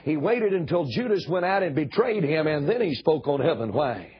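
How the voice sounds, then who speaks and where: A man's voice: on the high side, big pitch swings, normal speed. An older man preaching a sermon in a church, emphatic and pleading, repeating words for stress. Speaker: guest preacher. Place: church building. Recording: dull lo-fi sermon recording.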